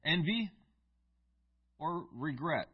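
A man's voice: on the high side, expressive, slow, slightly rough, dull audio. A male pastor reading scripture aloud and then preaching a sermon in a conversational storytelling manner with asides to the congregation.

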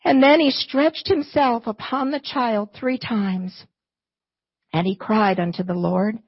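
A woman preaches to her church in an earnest way, reading scripture and repeating key phrases for emphasis. Her voice is high and breathy, and she speaks slowly. The sound is dry and dull, like a lo-fi recording. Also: expressive, dry recording. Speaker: church speaker, not the pastor.

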